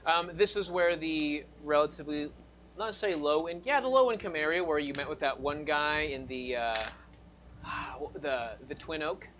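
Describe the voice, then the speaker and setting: A man's voice: a little high, moderate pace, fairly bright tone, a little hiss or hum. Rambling male dungeon master. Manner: loose, rambling narration with restarts and asides. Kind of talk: narrating a tabletop game.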